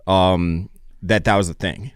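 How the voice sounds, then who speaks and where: Guy with a lowish smooth voice, casual podcast chat, dry studio sound. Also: fairly even intonation, measured pace, no room sound. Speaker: podcast co-host.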